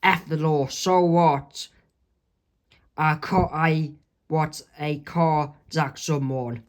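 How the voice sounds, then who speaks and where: A reader voicing a tough teenage girl in juvenile detention, read in a halting, stumbling way. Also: medium pitch, fairly even intonation. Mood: plain.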